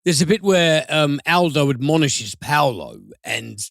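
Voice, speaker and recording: A man reviewing films on a podcast, animated and given to swearing and sudden high mimicry. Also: a little slow, vocal fry, no room sound, studio quality. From United Kingdom. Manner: animated, swears, mimics voices with big pitch jumps. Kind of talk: casual podcast film review.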